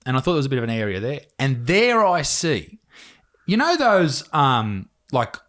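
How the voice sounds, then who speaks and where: A man's voice: medium pitch, wildly swooping pitch, normal speed, fairly bright tone. A young Australian man hosting a podcast, telling a story in a laid-back way, swearing a lot and laughing as he goes. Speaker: podcast host. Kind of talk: casual chat.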